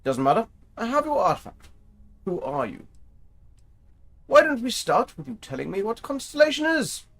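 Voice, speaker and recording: A man's voice: high voice, very animated, normal speed, vocal fry, long pauses, a bit bright, voice pushed up, heavily acted. A man putting on a pompous posh British gent. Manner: exaggerated, pompous. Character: posh British gentleman player hero.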